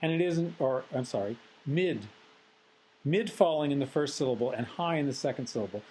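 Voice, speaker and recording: Measured, analytical male lecturer. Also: mid-range voice, animated, a little mellow, slightly rough, low-quality recording. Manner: measured and analytical, with frequent filler sounds. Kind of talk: recorded phonetics lecture.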